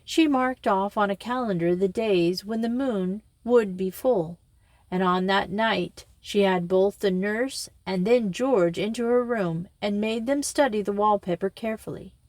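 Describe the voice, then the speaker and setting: A woman reading a mystery novel aloud in a measured, expressive narration. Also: mid-range voice, no echo. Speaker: audiobook reader. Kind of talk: scripted narration.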